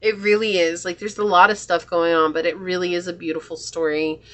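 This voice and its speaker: An earnest woman talks through a tarot reading with a slightly low voice. She sounds emotional and spiritual as she speaks to the viewer. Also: flat delivery, a little fast. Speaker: tarot reader.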